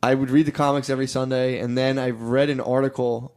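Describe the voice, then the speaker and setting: Crude, animated man on a comedy podcast. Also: mid-range voice, brisk, clear, resonant tone. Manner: animated, crude, slips into exaggerated voices. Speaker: podcast co-host. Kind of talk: casual comedy podcast chat.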